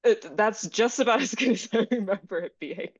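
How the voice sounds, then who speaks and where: A woman's voice: mid-range voice, normal speed, breathy edge. A young woman chatting casually as a podcast guest, amused, on dull lo-fi audio. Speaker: guest, mock trial competitor.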